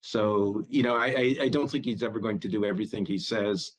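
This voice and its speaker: A man's voice: lowish voice, fairly quick, low-quality recording. A man speaking as a bank strategist guest in a news interview, often repeating words as he starts a thought.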